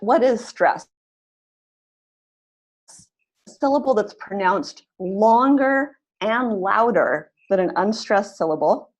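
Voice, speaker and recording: Speaking into a computer mic, a woman leads an online webinar for language teachers. Her middle-pitched voice has a darkish tone, and she's clear and encouraging, stretching and punching the stressed syllables of the words she models.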